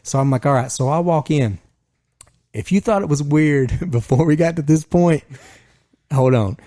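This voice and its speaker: A man co-hosting a podcast, telling a long, animated story. His voice jumps up whenever he quotes himself. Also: a little high, moderate pace, no room sound, studio quality. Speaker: podcast co-host. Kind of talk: casual storytelling chat.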